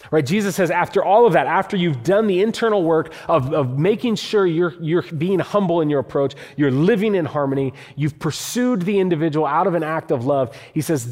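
A man's voice: a little high, expressive, brisk, darkish tone. A man preaching a sermon, reading scripture earnestly and building to emphatic passages. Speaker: pastor. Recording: hall reverb.

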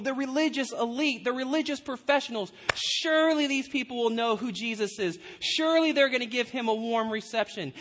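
High-voiced animated male preacher. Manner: animated, acts out quoted voices. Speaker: pastor. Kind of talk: sermon.

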